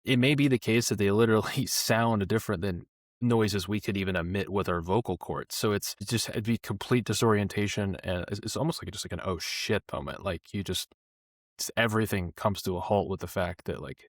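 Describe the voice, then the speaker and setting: Enthusiastic man, lowish dry voice. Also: no echo. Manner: enthusiastic, filler-heavy. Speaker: book club podcast host. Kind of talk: casual book discussion.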